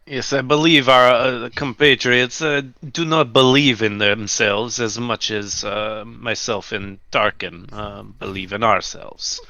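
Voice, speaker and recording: Man, tabletop player, hesitant, many pauses, bright voice. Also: medium pitch, steady tone, no room sound.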